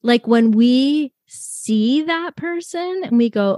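A woman who works as a therapist and supply teacher, explaining ideas in expressive, conversational talk. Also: sits high, takes it slowly, few pauses, no room sound, clean studio sound. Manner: expressive, acts out voices in her examples. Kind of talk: candid casual conversation.

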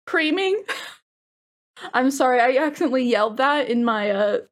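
Young woman, podcast co-host, casual chat, high voice, giggly, animated. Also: fast. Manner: animated, giggly, sudden squeals.

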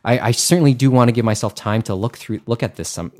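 A man of middle pitch talks casually on a podcast. He stops often, fills gaps with "um" and "uh", and restarts his sentences. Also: fast talker, darkish tone. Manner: hesitant, many fillers and restarts.

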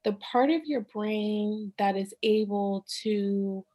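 A woman's voice: medium pitch, takes it slowly, dark tone. A woman co-hosting a podcast in casual chat, a little nasal at times, chatty and thinking aloud with frequent laughs. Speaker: podcast co-host.

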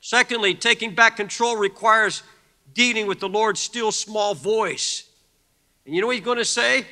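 A man preaching a sermon to a congregation, fervent, moving from quiet talk to shouting. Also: sits high, normal speed. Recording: long hall reverb.

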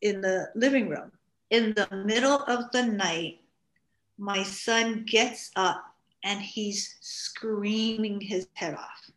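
A woman's voice: mid-range voice, takes it slowly. A middle-aged woman from Hawaii, guest on a talk show, telling stories casually and acting out what people said. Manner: animated, acts out quoted speech. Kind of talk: casual storytelling. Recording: roomy studio echo.

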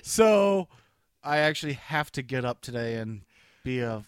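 A man's voice: medium pitch, animated, measured pace, smooth, dry recording, studio quality. Crude joking man co-hosting a podcast. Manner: crude, joking, loud bursts of laughter. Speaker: podcast co-host. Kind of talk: casual podcast banter.

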